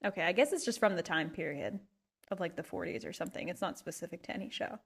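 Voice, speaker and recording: A woman's voice: lowish voice, fast talker, vocal fry, slightly rough. A woman hosting a podcast alone at home, chatting casually in a rambling, playful way. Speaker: podcast host. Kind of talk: casual solo chat.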